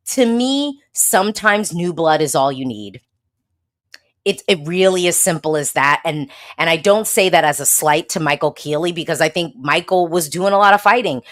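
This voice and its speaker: Sassy chatty woman blogger, lowish voice. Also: fairly bright tone. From United States. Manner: chatty, sassy, frequent laughs and emphatic repeats. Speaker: Eurovision blogger, host. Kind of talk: casual livestream chat reading viewer comments.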